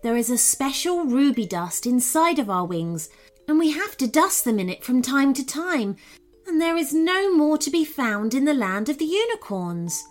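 Matilda, a gentle unicorn voiced by a woman. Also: sits high, sing-song, normal speed, soft background music. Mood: earnest. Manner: gentle, earnest pleading. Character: kind female unicorn with red horn.

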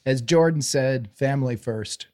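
A man co-hosting a casual comedy advice podcast, playful and animated. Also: medium pitch, measured pace, dry recording, clean studio sound. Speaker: podcast co-host.

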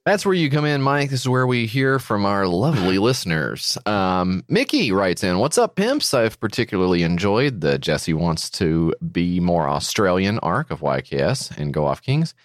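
Man, low voice, lively swings in pitch, joking podcast co-host, dry close sound. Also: normal speed, few pauses, no echo. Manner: joking, swears casually, mock-indignant. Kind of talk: casual comedy chat.

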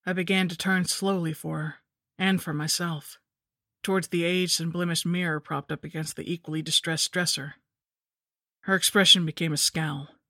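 A woman narrating a scripted horror story in a measured, somber way. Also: lowish voice, steady tone, sharp tone, no room sound, clean studio sound.

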